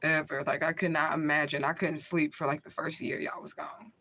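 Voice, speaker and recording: A woman's voice: sits low, little pitch movement, a little fast, sharp tone. A woman talking casually into the camera on a livestream, emotional and blunt, swearing freely and laughing often.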